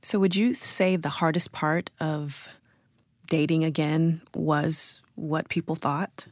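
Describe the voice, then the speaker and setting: A woman interviewer asking gentle, attentive questions. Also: sits low, steady tone, takes it slowly, dry recording, clean studio sound.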